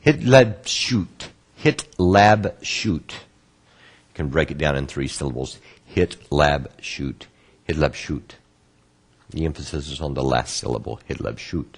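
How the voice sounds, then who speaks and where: Low husky male teacher, patient. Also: steady tone. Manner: patient, explains terms slowly with repetition. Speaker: Kabbalah course instructor. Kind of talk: online lesson answering student questions.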